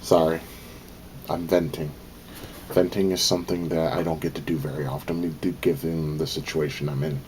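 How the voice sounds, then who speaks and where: Man, very low voice, home vlogger, breathless, loose and rambling with cursing rants. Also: fairly even intonation, brisk, hardly any pauses, a little mellow, a little hiss or hum. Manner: rambling, frequent ums, profane venting. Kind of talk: casual vlog monologue.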